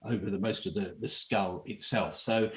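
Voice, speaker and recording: A man's voice: fairly low pitch, steady tone, normal speed, fairly bright tone. Man, host, casual rambling chat, video call, roomy echo. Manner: rambling, with frequent restarts and trailing off. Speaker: host of an online photography chat.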